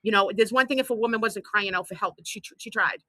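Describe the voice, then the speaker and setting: A woman's voice: medium pitch, fast talker, sharp tone, dry recording, low-quality recording. A woman, chatting bluntly and telling stories as a show host. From Boston. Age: 50s. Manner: chatty storyteller, blunt and profane. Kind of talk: casual chat on a livestream.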